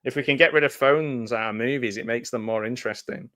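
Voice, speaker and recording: A man in the middle of a casual live commentary on a film. He is chatty and jokes a lot, with a medium-pitched voice. The sound is close and dry, with no room echo. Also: sharp tone. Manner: chatty and jokey, quick to laugh.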